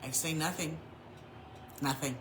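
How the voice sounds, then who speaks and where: A woman's voice: low voice, fairly even intonation, unhurried. A woman chaplain giving an informal sermon, telling stories in a frank, conversational way and often repeating her words. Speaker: chaplain and reverend. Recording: echoey room with faint noise.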